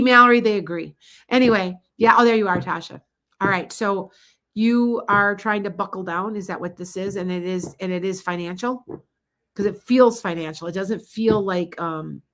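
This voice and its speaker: A woman's voice: medium pitch, a bit bright. A middle-aged woman doing a live-streamed tarot reading, chatting casually and calling out viewers by name. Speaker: psychic tarot reader.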